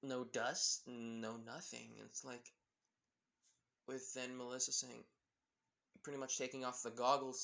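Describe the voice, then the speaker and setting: A man improvising a fan-made story out loud, in a rambling, casual way with frequent chuckles. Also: medium pitch, flat delivery, measured pace, vocal fry, long pauses.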